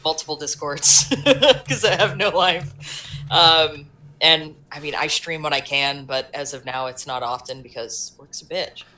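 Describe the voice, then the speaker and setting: A woman's voice: deep voice, unhurried, bright, forceful tone. A woman playing in a live tabletop stream, chatting in an offhand, wry way. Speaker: player. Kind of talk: casual chat on a live stream.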